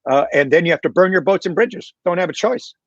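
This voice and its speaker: A man's voice: sits high, expressive, fast talker, dry recording. Candid man on a dull, dry call. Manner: candid, self-deprecating, reflective. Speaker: panel guest, real estate leader. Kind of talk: casual video-call panel talk.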